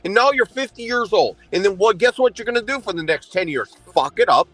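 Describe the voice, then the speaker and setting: A man's voice: sits high, lively intonation, a little fast, a bit bright, soft background music. A man livestreaming an angry, profane, insulting rant.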